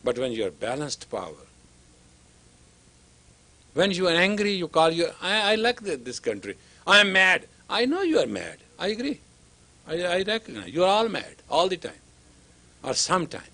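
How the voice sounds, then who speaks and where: A man's voice: on the high side, sing-song, normal speed, long pauses, a bit bright. A man lecturing as a spiritual teacher, emphatic and repetitive, sometimes dropping to a whisper for emphasis. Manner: emphatic, repetitive, acts out dialogue. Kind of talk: lecture to students.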